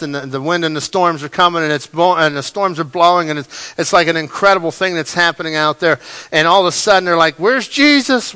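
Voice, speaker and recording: Bright, animated male pastor preaching. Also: fairly high pitch, low-quality recording. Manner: animated, dramatic storytelling with big swings in loudness. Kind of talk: sermon.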